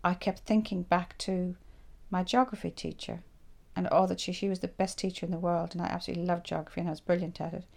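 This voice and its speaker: A woman's voice: lowish voice, quick pace, creaky, hardly any pauses. An Irish woman in her sixties, telling stories from her own life in an interview and acting out her past thoughts as she goes. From Ireland. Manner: animated storyteller who acts out her own past thoughts. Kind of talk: reflective personal storytelling.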